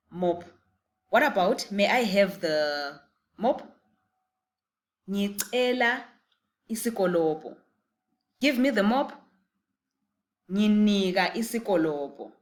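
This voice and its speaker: A Zimbabwean woman leads a beginner language lesson at an unhurried pace. She repeats each phrase patiently for learners to say after her. Her pitch sits in a middle range. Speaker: language teacher.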